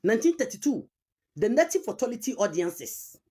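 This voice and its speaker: Emphatic Ghanaian woman, lively pitch. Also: brisk, slightly rough. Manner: emphatic, repeats key terms, mixes Twi with English. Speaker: commentator on chieftaincy history. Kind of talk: argumentative online commentary.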